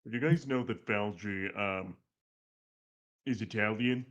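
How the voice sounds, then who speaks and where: A man in a casual livestream chat, making halting, offhand remarks. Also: on the low side, fairly bright tone, lo-fi sound.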